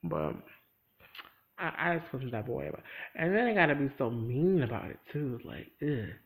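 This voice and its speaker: Casual recap vlogger, lively pitch and gravelly texture, addresses the viewer directly. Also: fairly quick, poor audio. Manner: animated, talks straight to the viewer. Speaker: TV episode reviewer. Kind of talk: casual chat recapping a TV episode.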